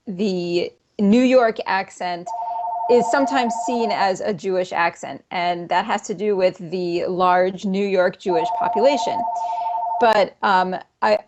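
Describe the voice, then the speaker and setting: A woman's voice: mid-range voice, background noise. A woman, a professor, explaining linguistic points in an interview in a precise way, with occasional ums.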